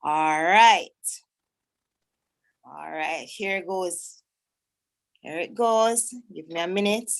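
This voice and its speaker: A woman's voice: fairly low pitch, drawn-out words, vocal fry, pauses often. A woman, a teacher chatting to pupils in a self-deprecating way while she searches for a poem. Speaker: teacher hosting a school event. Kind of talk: casual talk to pupils online.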